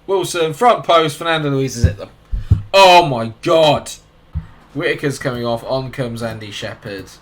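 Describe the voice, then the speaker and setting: A man's voice: mid-range voice, brisk, few pauses, fairly bright tone. A man giving casual, chatty commentary on his own football management game, calling the action as it plays out. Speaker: gaming YouTuber.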